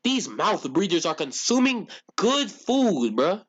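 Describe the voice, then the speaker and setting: A man's voice: high-pitched, very animated, slow, highs cut off. A man streaming live and talking to his chat in a ranting, incredulous way, full of rhetorical questions.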